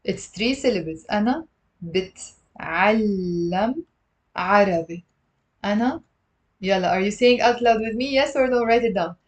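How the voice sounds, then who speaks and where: A woman teaching a live-streamed language lesson, patiently repeating words slowly for her learners. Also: on the high side, a little mellow. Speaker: Lebanese Arabic teacher. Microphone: livestream camera mic.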